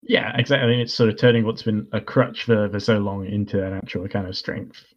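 A rambling man talking through a TV episode in easy conversation, his voice sitting a little low. The recording sounds dull and lo-fi. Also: steady tone, brisk. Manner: rambling, chatty, laughs often. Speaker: podcast host. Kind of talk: casual chat.

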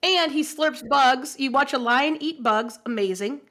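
A woman chatting as a podcast guest, telling stories in an emphatic, animated way and laughing often. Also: sits high, measured pace. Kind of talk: casual chat.

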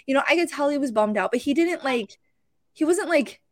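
A woman's voice: high voice, brisk, no room sound. Chatty woman host with a dry, close sound. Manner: animated, emotional, with many fillers and restarts. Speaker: podcast host and card show vendor. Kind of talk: casual storytelling.

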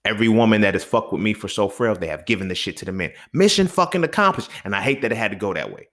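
A young man hosting a solo podcast, ranting with heavy profanity and swinging between loud outbursts and low mutters. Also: expressive, quick pace. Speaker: podcast host.

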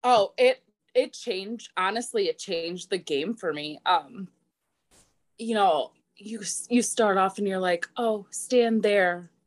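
Animated woman, a photographer guest. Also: mid-range voice, takes it slowly. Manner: animated, laughs often while talking. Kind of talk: casual conversational interview.

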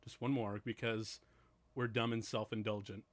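A man co-hosting a casual chat about a film, laughing often and talking in halting bursts with lots of fillers. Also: fairly low pitch, level tone. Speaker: co-host reacting to a film.

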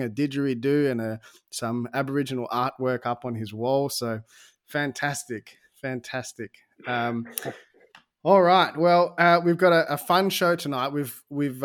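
A man hosting a casual podcast interview, chatty and upbeat, with frequent fillers and restarts. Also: mid-range voice. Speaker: podcast host.

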